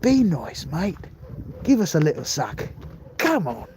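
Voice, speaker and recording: A man's voice: fairly high pitch, wildly swooping pitch, a little slow, background noise. Man putting on a coaxing Australian mosquito. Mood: wheedling. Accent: put-on Australian. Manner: coaxing, pleading. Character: wheedling male mosquito begging to bite.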